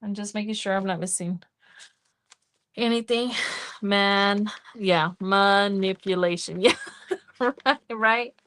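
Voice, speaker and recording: A middle-aged woman talks to her live viewers from home in a loose, easygoing way. She takes her time, letting each phrase come out at a leisurely pace. Her pitch sits right in the middle, and she chats warmly while tallying up cash. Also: steady tone, takes it slowly, long pauses. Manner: chatty and easygoing, counts cash aloud. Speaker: budgeting livestream host. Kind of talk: casual live-stream chat.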